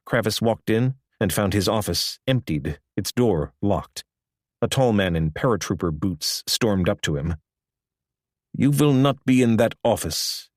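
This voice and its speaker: A man with a fairly low voice reads a nonfiction audiobook in a measured, even way. The recording is dry and close, with no room sound. Each phrase comes out steady and clear. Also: no room sound. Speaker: audiobook narrator. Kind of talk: scripted audiobook narration.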